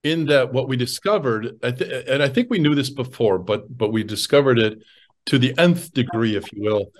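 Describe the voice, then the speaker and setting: A male priest with a Wisconsin accent co-hosts a talk podcast. He speaks in a chatty, eager way and likes to tell stories, at a middle pitch. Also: normal speed. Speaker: priest and co-host. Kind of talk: casual podcast chat.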